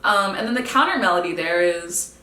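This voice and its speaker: A young woman songwriter talking casually and candidly about her own song, sometimes musing quietly. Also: lowish voice, animated, fairly quick. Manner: chatty, candid, drifts into soft musing. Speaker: singer-songwriter. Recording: roomy, mic set at a distance.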